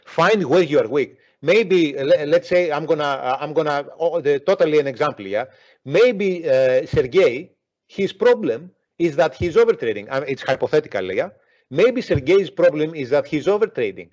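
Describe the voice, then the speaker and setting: A man coaching traders in blunt, forceful talk that repeats itself and swears freely. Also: a little high, animated, moderate pace. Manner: forceful, profane, repeats himself. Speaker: trading coach. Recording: dull lo-fi audio.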